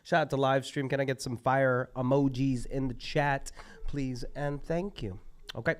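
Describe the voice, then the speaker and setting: A man hosting a live open mic, excitable and profane, hyping up the performers and the live stream. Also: medium pitch, normal speed, smooth. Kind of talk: live event emceeing. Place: live event at a community center.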